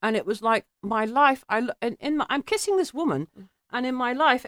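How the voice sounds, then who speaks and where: A middle-aged English woman telling a personal story, animated and laughing, acting out quoted voices. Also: fairly high pitch, brisk, dry recording, clean studio sound. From England.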